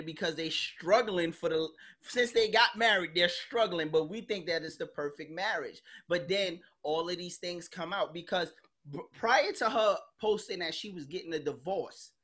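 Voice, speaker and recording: A woman's voice: on the low side, fairly bright tone. A woman hosting a podcast, chatting casually in a blunt, emphatic way and swearing freely. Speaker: podcast host. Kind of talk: casual chat.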